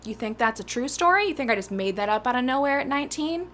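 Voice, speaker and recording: Over loud ukulele music and a little hiss or hum, a woman in her thirties chats between songs on her live music stream. She's rambling and self-mocking, her high-pitched voice expressive and her pace quick.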